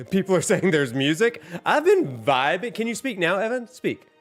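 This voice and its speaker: Playful, lively-voiced livestream host man. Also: high-pitched, moderate pace, soft background music. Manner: playful, laughs often, chats to viewers. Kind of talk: casual livestream chat.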